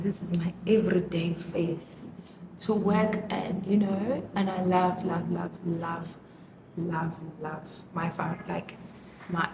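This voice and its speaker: A woman talks through her makeup routine in a casual vlog, slow and a little low-pitched. She gushes and gets emotional, with her speech full of fillers. The sound is roomy and echoey, with clear background noise. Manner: emotional, gushing, many fillers. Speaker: vlogger. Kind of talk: casual chat while doing makeup.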